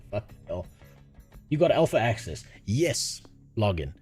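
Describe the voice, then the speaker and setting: A man from South Africa talks slowly but in a very animated way, his fairly low voice dark and breathy, with faint music in the background. During a casual livestream he reads chat and banters with viewers, sarcastic and crude, laughing frequently.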